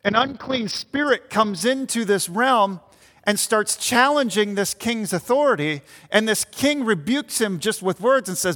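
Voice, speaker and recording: High-voiced man preaching in a reverberant hall. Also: lively intonation, normal speed, fairly bright tone. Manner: explanatory, invites listeners to picture the scene. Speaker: pastor. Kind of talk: sermon. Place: church meeting room with congregation.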